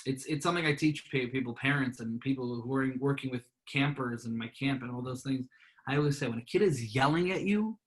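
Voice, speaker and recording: A man being interviewed about his life, talking earnestly and warmly, often repeating and restarting words. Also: a little high, a little fast, poor audio. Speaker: guest, part-time professional clown. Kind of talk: earnest conversational storytelling.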